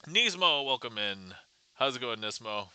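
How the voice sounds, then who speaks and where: A man's voice: medium pitch, very animated, moderate pace, pushed and bright, smooth, dry recording. A man hosting a casual magic livestream, chatting with viewers and reading their messages aloud. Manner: chatty, greets viewers and reads chat aloud.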